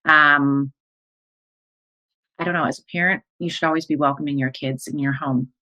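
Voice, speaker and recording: A woman with a low, deep speaking voice tells her own story as a podcast monologue. She speaks in an emotional, breathless way, acting out her own and her family's words as she goes. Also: fairly even intonation, normal speed, sharp tone, lo-fi sound. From American Midwest. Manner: emotional, breathless retelling with quoted dialogue. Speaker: life coach and podcast host.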